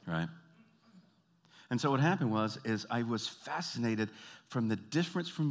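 A man from the American South with a Southern accent, performing an animated stand-up comedy routine. He tells stories and jumps into high, exaggerated voices. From Southern United States. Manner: animated storytelling, jumping into high put-on voices.

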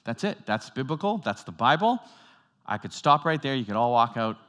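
Man preaching, swinging loud to hushed. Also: mid-range voice, sing-song, moderate pace. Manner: dynamic, swings from loud emphatic to soft hushed; talks directly to the congregation with questions. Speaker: pastor. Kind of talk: sermon.

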